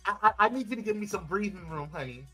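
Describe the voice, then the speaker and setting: A man hosting a casual live-stream morning show, animated and playful, his voice swooping high when he teases. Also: fast talker, faint music behind, poor audio. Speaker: host.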